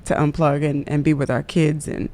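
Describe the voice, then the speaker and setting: A woman co-hosting a casual marriage podcast, chatty and quick to laugh, saying "y'all.". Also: low voice, level tone, a little mellow. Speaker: podcast co-host.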